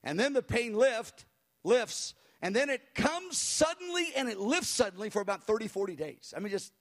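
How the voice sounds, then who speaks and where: A man recounting a spiritual experience as an animated personal testimony, acting out the people he quotes and chuckling as he goes. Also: very high voice, normal speed. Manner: acts out the people he quotes, with cries and hushed voices.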